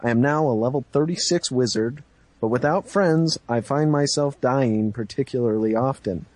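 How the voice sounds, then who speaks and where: A man's voice: medium pitch, normal speed, darkish tone. A man co-hosting a gaming podcast, joking and teasing in casual chat. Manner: teasing, laughing often. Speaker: podcast co-host.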